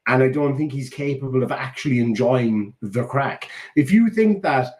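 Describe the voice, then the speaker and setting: A man's voice: medium pitch, animated, moderate pace, a little mellow. A man in his thirties, a YouTuber sarcastically rebutting a critic in a casual rant. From Ireland. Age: 30s.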